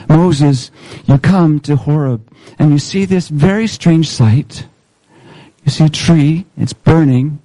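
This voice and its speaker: A man's voice: fairly high pitch, dark tone, dry recording, poor audio. A man, a pastor, preaching a sermon in a church service, leading listeners through a story in the second person, earnest and repeating words as he restarts.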